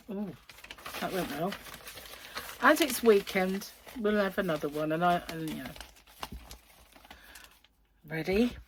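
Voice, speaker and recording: A woman's voice: mid-range voice, background noise. Lady rambling and giggling on her craft vlog, voice bouncing all over. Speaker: crochet vlog host. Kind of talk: casual chat.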